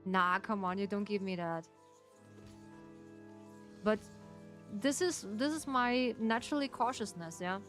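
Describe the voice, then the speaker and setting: A woman's voice: mid-range voice, measured pace, long pauses, fairly bright tone, faint music behind. A woman with a German accent, a native German speaker chatting casually with her viewers as a streamer, playful and teasing and laughing often.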